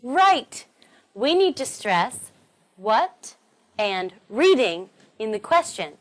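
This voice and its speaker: In a recorded online lesson, a woman teaches English pronunciation, encouraging her learners and deliberately modelling sentence stress. Her voice is a little high, with big swings in pitch.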